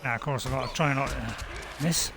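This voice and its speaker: Rambling dad gaming. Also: male voice, medium pitch, fairly quick, creaky, noisy background. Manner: rambling, self-deprecating, chuckling. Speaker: gaming channel host, playing with his daughter. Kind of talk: casual co-op gameplay chat.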